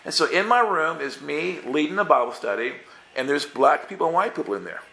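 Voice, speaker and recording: A man's voice: on the high side, brisk, gravelly. Man preaching in an echoey hall. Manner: lively storytelling, acts out dialogue, many restarts. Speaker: pastor. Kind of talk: sermon with personal storytelling.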